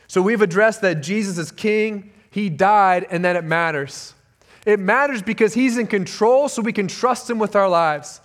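A man's voice: high voice, normal speed, fairly bright tone. A man preaching a sermon as pastor, earnest and emphatic, often repeating key phrases for weight.

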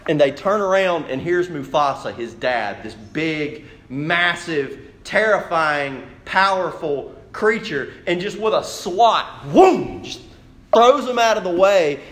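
A young man delivers a sermon in a church in a fairly high voice. He tells stories with lively energy and turns to the congregation with direct questions. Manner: animated storytelling, addresses congregation directly. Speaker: pastor.

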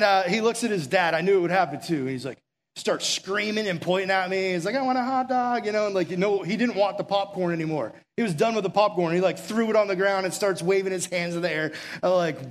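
A man preaching a casual sermon, telling stories and acting out the voices in them. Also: sits high. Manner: casual storytelling, acts out quoted voices, drops to soft and slow near the end.

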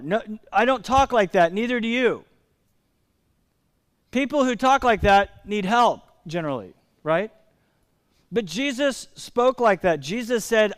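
A man from Indiana preaching a sermon as pastor, emphatic and slowing down to stress key words. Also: high voice, expressive, no echo, clean studio sound.

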